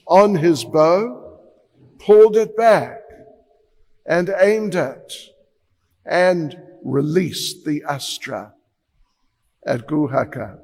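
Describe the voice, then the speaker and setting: A male monk telling a devotional story slowly and dramatically, acting out each character. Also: on the high side, a little mellow, in a large hall. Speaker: monk and preacher.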